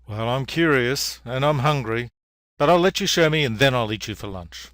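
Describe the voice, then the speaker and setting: A man's voice: medium pitch, lively intonation, fairly bright tone, no echo, studio quality, natural voice. A man voicing a hungry, dismissive male coyote in a told fable. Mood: scoffing. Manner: scoffing, slow.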